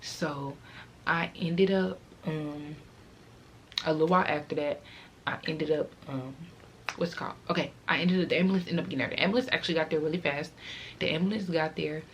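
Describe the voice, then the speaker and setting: A woman's voice: deep voice, fairly quick, slight background noise. A teenage girl vlogger telling a casual, rambling storytime, fighting back tears as she talks.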